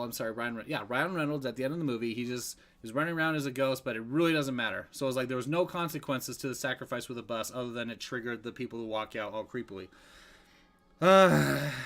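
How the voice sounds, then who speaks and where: A man's voice: mid-range voice, fairly bright tone. A man giving a casual, rambling movie review, full of fillers and restarts.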